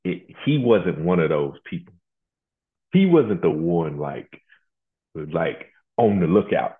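A man preaching a sermon in a halting, colloquial way, often repeating words as he searches for them. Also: low voice, big pitch swings. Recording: tinny phone-like line.

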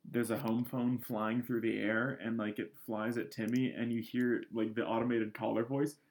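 A man's voice: mid-range voice, little pitch movement, moderate pace, a little mellow. Wry man chatting casually. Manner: wry, chatty, laughs along. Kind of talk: casual chat.

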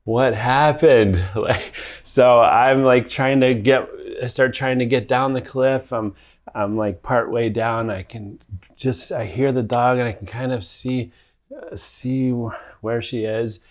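A man's voice: mid-range voice, steady tone, measured pace. A man co-hosting a podcast, telling a story in casual chat, rambling with many fillers and frequent laughs. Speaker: podcast co-host.

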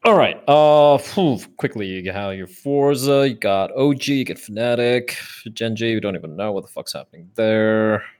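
A man's voice: mid-range voice, expressive, normal speed, darkish tone. A man on an esports panel giving blunt, casual predictions and swearing freely. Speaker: esports analyst.

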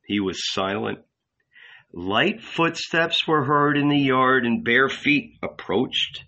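A man narrating literary fiction in a measured, deliberate voice. His pace is very slow and unhurried, and the recording has a dull, lo-fi quality. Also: mid-range voice, lively intonation, bright, forceful tone. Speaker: audiobook narrator.

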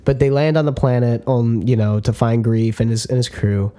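A man's voice: medium pitch, moderate pace, mellow. A man co-hosting a podcast, loosely recapping a show in casual, swearing chat. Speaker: podcast co-host.

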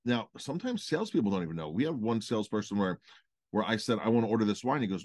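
Talking fast in a fairly low voice, with no room sound, a man co-hosts a restaurant-business podcast as a restaurant owner. He tells stories animatedly in casual conversation and repeats words to drive points home.

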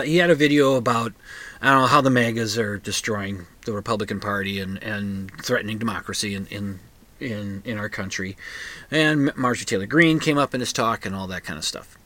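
A man with a bright, forceful voice hosts a talk show from a comic book shop. He wanders through his thoughts with plenty of ums and restarts, then works himself up into blunt, ranting asides. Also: mid-range voice, no room sound. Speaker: radio show host. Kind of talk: casual monologue.

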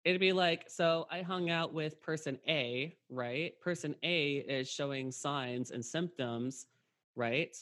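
A man's voice: a little high, takes it slowly, a bit bright. A man hosting a podcast, talking casually and rambling, with lots of "like" and re-enacted conversations. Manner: rambling, heavy on fillers and re-enacted dialogue. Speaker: podcast host. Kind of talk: casual chat.

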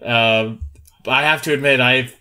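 A man co-hosting a podcast in casual chat, animated, swearing freely and laughing often. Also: mid-range voice, a little slow, clear, resonant tone. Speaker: podcast co-host.

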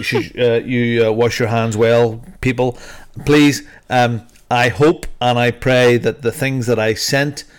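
A man hosting a podcast in a casual, jokey way, rambling with plenty of fillers. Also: mid-range voice. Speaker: podcast host.

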